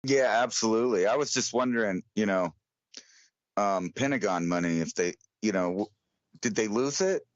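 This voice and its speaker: A man co-hosting a radio talk show, asking halting questions. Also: fairly low pitch, no room sound. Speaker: radio co-host. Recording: dry lo-fi audio.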